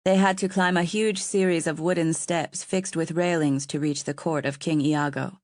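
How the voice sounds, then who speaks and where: A woman narrating an audiobook in a calm, even storytelling manner. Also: low-pitched, normal speed, dry recording, clean studio sound. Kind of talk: scripted narration.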